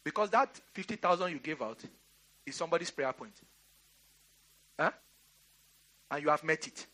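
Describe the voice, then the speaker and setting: A man's voice: on the high side, lively intonation, moderate pace, pushed and bright. A middle-aged Nigerian man preaching a sermon, giving emphatic commands and laughing through a storytelling aside. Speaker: pastor. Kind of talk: sermon with personal anecdote.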